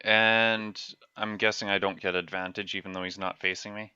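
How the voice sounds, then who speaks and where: A man's voice: fairly low pitch, flat delivery, moderate pace, pushed and bright, clear, resonant tone, no echo. A man playing in a casual tabletop game, methodically working through his attack rolls aloud. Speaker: player. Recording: dull dry lo-fi mic.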